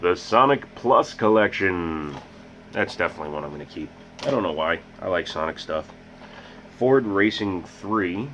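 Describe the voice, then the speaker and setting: A man's voice: sits low, animated, moderate pace. A man hosting a casual game collection vlog, rambling and making joking asides about himself. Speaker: host. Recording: muffled with loud background hiss.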